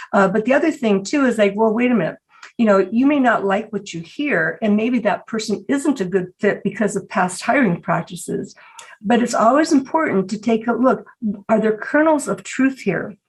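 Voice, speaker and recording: A woman's voice: medium pitch, normal speed, poor audio. A woman hosting a podcast interview, talking in a reflective, conversational way with many filler phrases. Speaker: podcast host and conflict coach.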